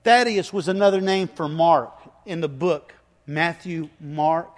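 Older male pastor telling a sermon story with feeling, high voice, echoey hall. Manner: emotional, halting storyteller.

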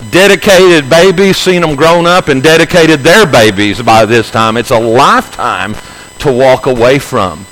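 Earnest middle-aged male pastor. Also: low-quality recording. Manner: earnest storytelling, drops soft and low at emotional points. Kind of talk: sermon testimony.

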